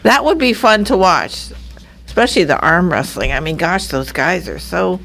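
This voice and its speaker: Woman, radio co-host, chatty, fry in her voice, lively. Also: fairly low pitch, normal speed. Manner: giggly, chatty. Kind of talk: casual radio banter.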